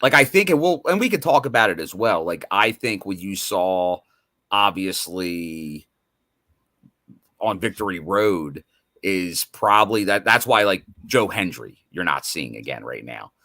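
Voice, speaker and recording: A man's voice: low-pitched, animated, unhurried, bright, forceful tone, dry recording, clean studio sound. A man co-hosting a podcast, chatting casually and analytically about wrestling storylines. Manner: rambling, loose analytical talk. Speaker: podcast co-host. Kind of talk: casual wrestling recap chat.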